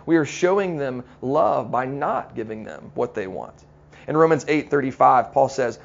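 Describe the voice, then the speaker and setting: A middle-aged man preaching a sermon as a pastor, telling stories in an earnest way and slowing down to stress key points. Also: mid-range voice, lively intonation, vocal fry, dull audio. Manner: storytelling, earnest, slows down for emphasis.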